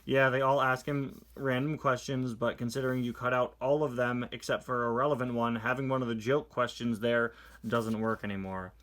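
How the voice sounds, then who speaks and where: Bright-voiced man roasting a comic. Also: mid-range voice, fairly even intonation. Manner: sarcastic, exasperated critique; reads captions aloud in quick put-on voices. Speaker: toy reviewer. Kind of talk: casual comic book review.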